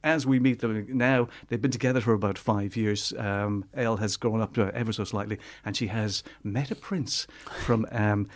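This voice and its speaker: A man's voice: lowish voice, fairly even intonation, moderate pace, hardly any pauses. A man reviewing films in casual chat, rambling and hesitant with many fillers. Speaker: film reviewer.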